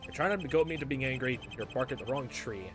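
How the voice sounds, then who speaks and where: A man voicing a sarcastic male police detective on trial, calm and dry in his replies. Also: mid-range voice, fast talker, lightly acted. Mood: defiant. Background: background music.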